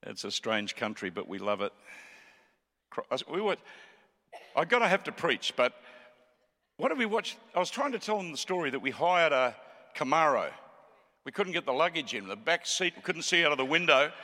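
A man in his seventies with an Australian accent, preaching as a guest pastor, joking with the crowd and rising to fervent shouts. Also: fairly high pitch, big pitch swings, normal speed, long pauses, big-room sound. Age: 70s. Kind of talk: sermon with joking banter.

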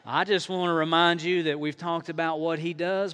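A man preaching a sermon to a congregation in a conversational, folksy way, swinging between loud rises and quiet drops. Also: on the high side, fairly even intonation, normal speed, hardly any pauses, clear, resonant tone. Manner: folksy, playful asides to the congregation. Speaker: pastor. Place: church in front of a congregation.

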